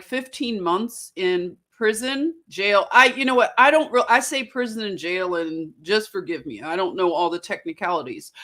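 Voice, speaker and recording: Unhurried American woman host, mid-pitched, warm with her chat, restarts her sentences often. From United States. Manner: greets viewers by name, chatty and affectionate; unhurried, restarts and self-corrections. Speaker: livestream host. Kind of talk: casual livestream commentary.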